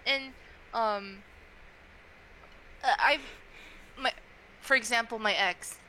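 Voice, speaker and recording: Bright-voiced young woman chatting. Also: fairly high pitch, slow pace, long pauses, slight background noise, poor audio. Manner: chatty, frequent fillers, animated quoting. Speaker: guest, tarot reader. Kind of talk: casual interview chat.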